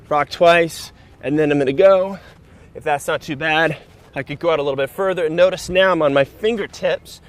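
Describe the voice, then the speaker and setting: A man coaching runners outdoors, upbeat and instructive as he demonstrates push-ups while talking. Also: fairly high pitch. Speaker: running coach. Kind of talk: fitness demonstration. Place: outdoors near a park.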